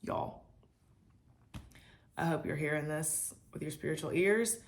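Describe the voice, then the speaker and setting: A woman's voice: lowish voice, slow pace, pauses often. A woman vlogger giving a casual Bible reflection, chatty with many fillers and asides.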